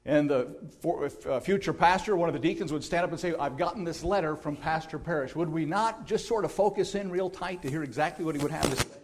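A man's voice: on the high side, fast talker. A man reading scripture, praying and preaching as a guest speaker in a church. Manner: earnest, plain-spoken, with small restarts. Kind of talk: sermon with scripture reading and prayer. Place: church sanctuary.

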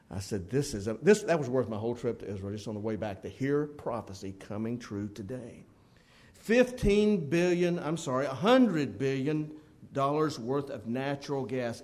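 Animated preacher man. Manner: animated storytelling preacher, swinging between loud emphasis and low asides. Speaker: Baptist preacher. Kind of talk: sermon.

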